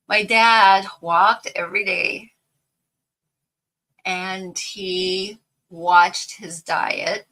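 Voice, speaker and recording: A woman's voice: medium pitch, fairly even intonation, very slow, long pauses, pushed and bright, low-quality recording. An older woman chatting casually while crafting at home, rambling through a family story and laughing easily. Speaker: craft vlogger.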